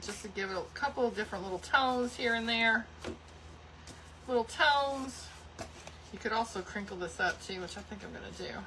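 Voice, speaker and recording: A woman's voice: medium pitch, pushed and bright, slight background noise. A woman hosting a live crafting tutorial, chatting cheerfully with viewers while she works. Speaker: craft channel host.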